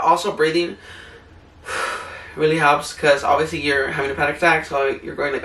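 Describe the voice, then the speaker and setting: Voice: medium pitch, steady tone, moderate pace, sharp tone. A young adult vlogger in a rambling, casual advice chat who acts out their own past self-talk. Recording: roomy, distant mic, faint music behind.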